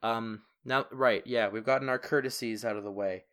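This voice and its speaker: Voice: mid-range voice, fairly even intonation, normal speed, a bit bright, close to an everyday voice. A game master voicing a curt male soldier lieutenant who brushes strangers off in a clipped, dismissive way.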